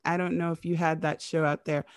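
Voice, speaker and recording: A woman from North America interviewing a guest in casual chat. She is animated, acts out little quotes and uses lots of "like". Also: low voice, fairly quick, no room sound, clean studio sound.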